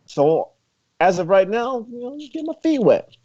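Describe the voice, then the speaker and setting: A young former college wrestler chats as a laid-back interview guest, laughing often and peppering his speech with "you know" and "like." His voice sits high yet dark, swinging widely in pitch at an unhurried pace, on a muffled lo-fi recording.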